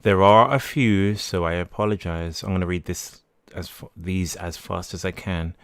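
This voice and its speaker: A man hosting a live-streamed podcast, reading out viewer messages and talking through them off the cuff. His voice sits low and sounds smooth and clean. It is recorded close and dry, and he often trails off, restarts and corrects himself. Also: steady tone, normal speed, fairly bright tone, no echo. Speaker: livestream podcast host.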